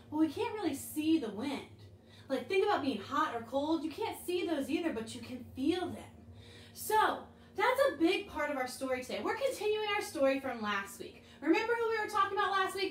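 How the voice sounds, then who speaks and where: A woman leading children's chapel, telling a Bible story and slowly modeling lines for the kids to repeat. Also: very high-pitched, animated. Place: room with air freshener. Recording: echoey room, mic at a distance.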